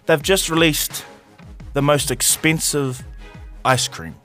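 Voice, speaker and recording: A man's voice: on the high side, takes it slowly, soft background music. A man hosting a casual morning radio show, reading out news items and hyping up listeners. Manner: animated, hypes up the audience. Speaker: radio host. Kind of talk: casual breakfast show chat.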